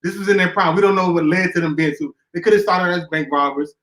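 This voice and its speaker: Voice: medium pitch, fast talker, fairly bright tone, roomy sound, poor audio. A co-host of a casual comic book podcast, arguing a point playfully and laughing at his own jokes. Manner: argumentative, joking, laughs at own lines.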